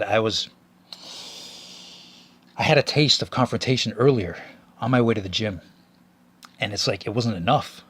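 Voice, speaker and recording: A podcast host with a lowish, slightly bright, husky voice launches into a ranting monologue. He complains in a whiny, profane, rambling way, restarting often.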